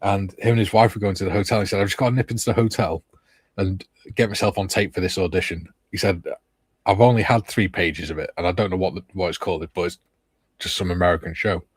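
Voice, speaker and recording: Husky low-voiced man hosting a chat. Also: steady tone, fast, no room sound. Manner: easygoing, reads viewer comments aloud. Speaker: stream host reading viewer chat. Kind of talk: casual chat while painting models.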